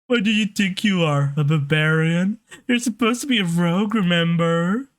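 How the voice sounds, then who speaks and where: A man's voice: high-pitched, moderate pace, natural voice. A man reading out a game's lines as a sly, mocking male assassin who taunts his opponent. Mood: taunting.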